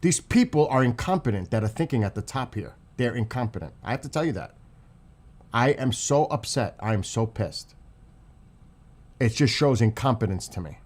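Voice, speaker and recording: Furious man ranting with swinging pitch. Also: lively intonation, moderate pace, darkish tone. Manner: furious, profane, repeats himself for emphasis. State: upset and livid. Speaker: commentary channel host. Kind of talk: angry political rant to camera.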